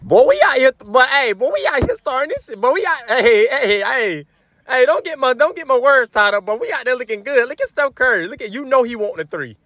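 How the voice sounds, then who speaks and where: A young man giving loud, animated trash-talk commentary over his basketball video game to his chat, sometimes slipping into a sing-song. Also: very high-pitched, fairly quick. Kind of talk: hyped gameplay commentary.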